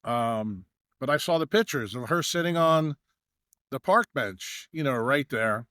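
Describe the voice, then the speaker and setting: A middle-aged man from New York, a guest on a podcast, tells long, winding stories full of "uh" and "you know." He slips into the voices of the people in his tales. His voice sits at an ordinary pitch, and it is caught close and dry, with no room sound. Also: expressive, measured pace, pushed and bright, no room sound. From New York, USA. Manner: rambling anecdotal telling with many fillers, acting out quoted dialogue. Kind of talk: storytelling in a podcast interview.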